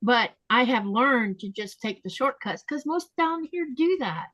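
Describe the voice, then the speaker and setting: A chatty woman hosts a relaxed podcast conversation, her voice sitting a little high. She slows down to spell out pronunciations and repeats words carefully. The sound is close and dry, with no room echo. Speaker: podcast host. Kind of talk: casual chat.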